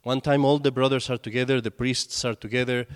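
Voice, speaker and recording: A man's voice: medium pitch, fairly even intonation, a little fast, clean tone. A man, a priest, giving a conversational sermon and telling stories with acted quotes. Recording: long hall reverb.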